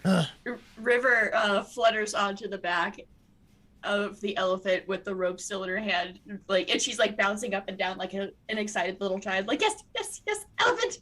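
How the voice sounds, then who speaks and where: A woman's voice: medium pitch, steady tone, normal speed, fairly bright tone. A woman playing a tabletop game, chatting playfully and giggling often. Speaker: player. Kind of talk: casual tabletop play.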